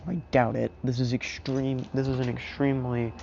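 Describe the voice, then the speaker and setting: A man's voice: medium pitch, flat delivery, normal speed, creaky, a little mellow, highs cut off, a little hiss or hum, close to an everyday voice. A man voicing a cool, unbothered young male mercenary in a laid-back, matter-of-fact way. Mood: deadpan.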